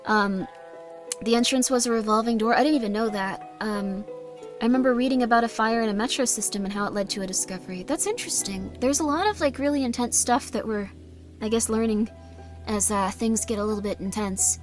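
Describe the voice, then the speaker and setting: A woman's voice: a little high, fairly quick, soft background music. A woman streamer chatting casually on a livestream, rambling and reading chat messages aloud.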